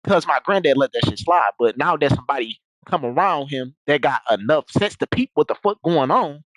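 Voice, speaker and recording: A man's voice: on the high side, animated, fairly quick, fairly bright tone, no room sound, poor audio. A young man telling a story in casual, rambling talk, full of slang and repeated restarts.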